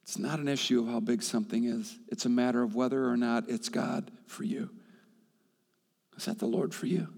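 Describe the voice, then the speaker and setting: A man preaching a sermon with passion, swinging from loud, high appeals to soft, quiet asides and repeating himself as he presses a point. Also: fairly even intonation, moderate pace, vocal fry, long reverb tail. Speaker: pastor.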